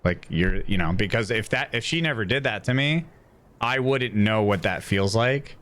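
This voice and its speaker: A man's voice: on the low side, moderate pace, fairly bright tone. A man streaming, talking casually and candidly, rambling with many restarts and frequent swearing. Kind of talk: casual chat.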